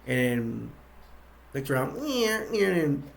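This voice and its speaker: A man's voice: mid-range voice, very animated, extremely slow, gravelly, heavy background noise. A man casually retelling a movie's plot, rambling with many fillers and restarts. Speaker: movie reviewer. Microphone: attached to a bag.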